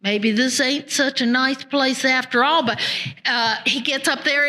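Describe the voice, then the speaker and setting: A woman's voice: sits high, fairly even intonation, a little slow, pushed and bright. A woman storyteller telling a folk tale in a folksy, conversational way with rural turns of speech.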